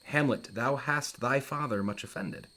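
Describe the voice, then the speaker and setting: A man's voice: mid-range voice, measured pace, pushed and bright. A man reading an anxious queen mother's verse lines, raising his voice a little for her. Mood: alarmed. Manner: reads verse lines aloud from the play.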